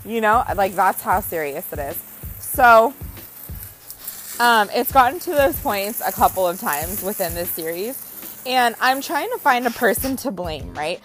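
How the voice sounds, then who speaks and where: A young adult woman chats casually to camera, spinning dramatic, animated stories complete with acted quotes. Her mid-range voice moves at a measured pace over faint background music, and the recording is rough.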